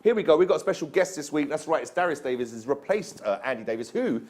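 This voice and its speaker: A man hosting a casual football fantasy panel, brisk and teasing as he moves the talk along. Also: a little high, expressive, darkish tone. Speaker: host. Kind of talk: casual sports chat.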